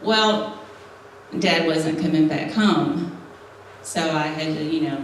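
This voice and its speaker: A deep-voiced middle-aged woman tells her story with plenty of laughter in a funny testimony for a women's church audience. She speaks a little slowly. Background noise and the echo of a hall come through a distant microphone.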